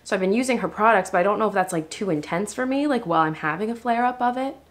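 A woman's voice: mid-range voice, fast. A young woman vlogging casually to camera, rambling with many fillers, upset and tearful. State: crying, upset. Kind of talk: casual vlog talk to camera.

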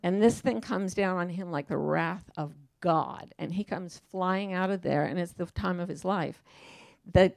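Female author guest: textured, gravelly tone, emphatic and playful delivery. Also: on the low side, unhurried, darkish tone, dry recording, studio quality. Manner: emphatic and playful, quotes herself in voices. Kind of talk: casual onstage interview talk.

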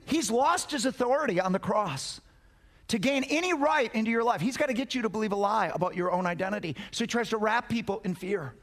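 A man preaching a sermon as pastor, passionate, repeating words for emphasis and swinging between loud urgency and hushed intensity. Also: sits high, animated, brisk.

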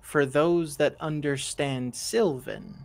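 A man's voice: fairly high pitch, slow pace, creaky. A man narrating as game master of a tabletop game, describing scenes loosely with many fillers.

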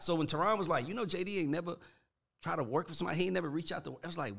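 A man's voice: on the high side, very fast, gravelly, breathy edge. A man hosting a casual chat, talking in a loose, profane and slangy way with lots of "like" and "dog". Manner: animated, profane, slangy storytelling with frequent "like" and "dog". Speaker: podcast host and manager of writers and producers.

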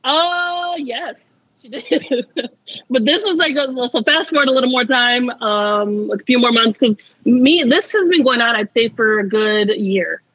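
A woman's voice: a little high, unhurried, husky, no room sound, dull audio. A young adult woman, a guest in a casual interview, telling a story in a chatty way, laughing often and saying "like" a lot.

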